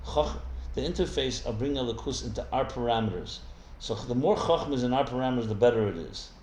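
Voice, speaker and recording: A man's voice: medium pitch, fast, a little mellow, a little hiss or hum. A man teaching as a rabbi in a live text study class, explaining as he goes and often restarting his sentences. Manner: thinks aloud with many restarts, explanatory. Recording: echoey room with faint ambience.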